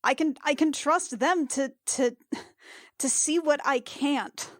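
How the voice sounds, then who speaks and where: A woman voicing a self-doubting young female cleric, speaking in a halting, hushed and slow manner. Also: high voice, no room sound, studio quality. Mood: earnest.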